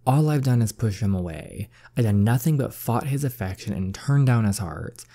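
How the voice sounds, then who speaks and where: A man's voice: fairly low pitch, expressive, normal speed, warm tone. A man reading the lines of a guarded, heartsick young woman, earnestly and with feeling, while playing a story game. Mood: anguished.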